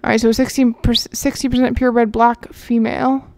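A woman plays a horse game and chats casually with her viewers, wandering off into talking to herself. Her voice is fairly high with little pitch movement and a darkish tone, a little fast, with no room sound.

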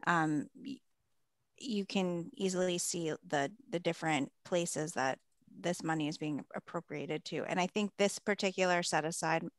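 A woman with a smooth, clear voice lays out budget figures in a committee meeting. She speaks in a careful, explanatory way. The sound is dry and close. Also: on the low side, moderate pace, no room sound.

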